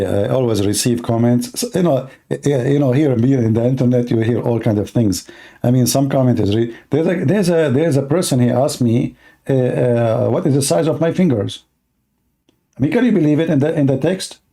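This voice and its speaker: Gravelly-voiced sarcastic male host. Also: mid-range voice, moderate pace, warm tone. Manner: sarcastic, fires rhetorical questions. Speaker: online talk show host. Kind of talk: argumentative commentary.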